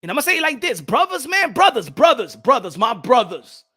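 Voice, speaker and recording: A young man hosting a boxing talk show and ranting loudly, repeating himself, with sudden swings from shouting to low muttering. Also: sing-song, brisk, breathy edge. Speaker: boxing commentary host. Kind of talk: animated opinion rant.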